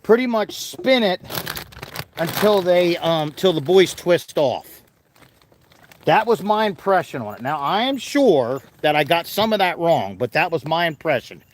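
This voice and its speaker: A chatty man vlogging from his farm, with a somewhat high voice. He talks casually to the viewers and drops into soft coaxing tones for his animals, with animal noises in the background. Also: sing-song, a little slow. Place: outdoors on a farm.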